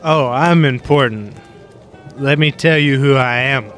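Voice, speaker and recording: A woman voicing a boastful, drunk, well-dressed man who tries to be smooth. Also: extremely low pitch, measured pace, soft background music, voice pushed down. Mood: smarmy. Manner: bragging, clumsy smooth talk.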